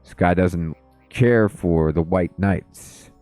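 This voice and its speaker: Let's play host, man, slow musing commentary, mellow tone. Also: low-pitched, dry recording, soft background music. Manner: musing, thinking aloud. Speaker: gaming video host.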